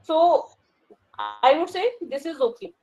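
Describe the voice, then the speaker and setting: High-voiced Indian woman, hesitant. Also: expressive, slow, a little mellow, poor audio. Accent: Indian English. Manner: hesitant, many fillers and restarts. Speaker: guest, working professional. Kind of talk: casual conversation about learning English.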